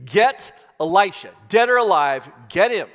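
A man voicing an angry, suspicious king who gives forceful commands. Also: high-pitched, a little slow, long reverb tail, pitched above the performer's own voice. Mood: furious.

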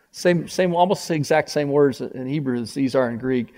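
A man's voice: medium pitch, moderate pace, hardly any pauses, a little mellow, in a large hall. A man preaching a sermon, passionately voicing a repentant sinner's confession.

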